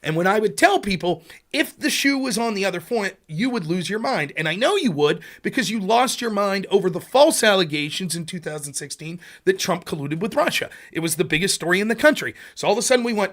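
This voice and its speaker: An American man hosting a political livestream, ranting in an animated, mocking way and sometimes calling himself half asleep. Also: sits high, quick pace, few pauses. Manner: animated, mocking, slips into loud mocking quotes of opponents. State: sleepy.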